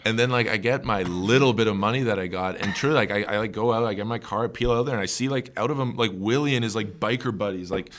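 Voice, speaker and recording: A young man from Canada tells comedy road stories on a podcast. His voice sits a bit low yet rings bright and forward. He rambles with heavy fillers and bursts into shouted heckler impressions. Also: quick pace, few pauses. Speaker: guest comedian. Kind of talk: casual podcast storytelling.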